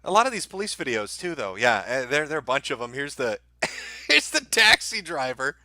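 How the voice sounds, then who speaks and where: A man's voice: medium pitch, very animated, brisk, bright, forceful tone, no room sound. A man hosting a livestream, reacting to videos with crude, laughing, riled-up commentary. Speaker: livestream host.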